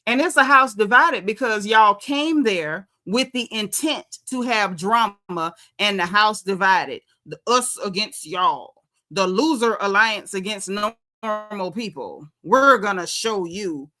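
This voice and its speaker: A young woman, recapping reality TV in casual commentary, sassy and animated, acting out the quotes. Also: mid-range voice, slow pace.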